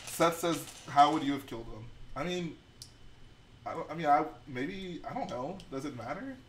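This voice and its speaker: A man's voice: fairly high pitch, animated, a bit bright. A man hosting a live stream, reading out viewer comments and bantering casually with a co-host. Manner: reads out viewer comments, quick back-and-forth. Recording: distant mic with faint room noise.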